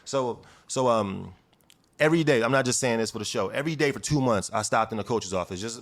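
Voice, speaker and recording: A young man from Chicago telling his life story in an interview, animated and emphatic, acting out the people he quotes. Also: mid-range voice, fast. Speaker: guest. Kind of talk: storytelling in conversation.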